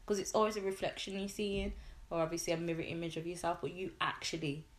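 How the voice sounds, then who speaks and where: Young female podcast co-host; animated, emphatic, laughs freely. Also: fairly low pitch, fast talker. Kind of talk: casual chat.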